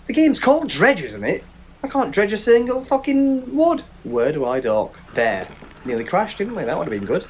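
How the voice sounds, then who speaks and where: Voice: medium pitch, normal speed, slight background noise. A let's play host giving casual, jokey gameplay commentary with lots of swearing. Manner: animated, swearing, joking asides.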